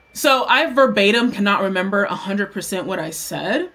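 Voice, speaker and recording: A young adult woman telling a story to camera while doing her makeup, candid and profane, with animated storytelling. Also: mid-range voice, normal speed, few pauses. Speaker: vlogger.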